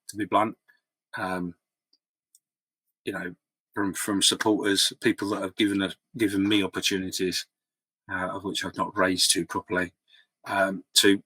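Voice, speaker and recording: Male hobby vlogger, husky and forceful, rambling candid update, dry close sound. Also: low-pitched, no room sound, low-quality recording. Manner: rambling, full of ums and restarts, candid and apologetic. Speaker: scale-model hobby vlogger. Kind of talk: casual update talk to camera. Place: home hobby room by his model shelf.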